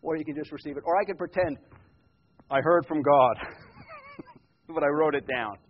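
A man preaching a sermon in a church, loud when quoting scripture and quiet in his asides. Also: fairly high pitch, moderate pace, slight background noise. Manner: swings from loud emphatic quotes to quiet reflective asides. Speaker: pastor. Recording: muffled lo-fi church recording.

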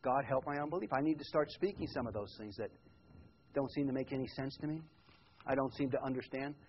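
A man preaching a sermon in a church, loud when quoting scripture and quiet in his asides. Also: medium pitch, fast, slight background noise. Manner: swings from loud emphatic quotes to quiet reflective asides. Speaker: pastor. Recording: muffled lo-fi church recording.

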